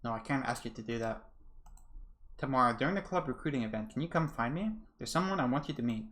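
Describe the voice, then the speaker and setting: A man's voice: mid-range voice, animated, fast talker, fairly bright tone, lightly acted. A man voicing a mysterious schoolgirl who speaks urgently and cryptically, in close to his own voice.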